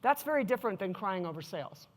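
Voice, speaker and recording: A middle-aged woman giving a live keynote talk, telling stories in a lively, chatty way and addressing the audience directly. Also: mid-range voice, fast talker. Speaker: keynote speaker. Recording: echoey hall.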